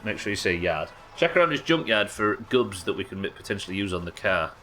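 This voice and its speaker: Bright-voiced man streaming a game. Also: on the low side, sing-song, quick pace, slight background noise. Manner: chatty, joking, swears freely. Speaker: live streamer. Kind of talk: casual gameplay commentary.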